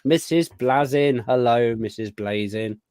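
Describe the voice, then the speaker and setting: A man with a voice, hosting a relaxed live stream and greeting viewers one after another by name. He keeps a middle pitch. His voice comes through close and dry, with no room sound. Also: a little slow, clean tone, no echo. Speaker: podcast host. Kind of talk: casual live-stream chat.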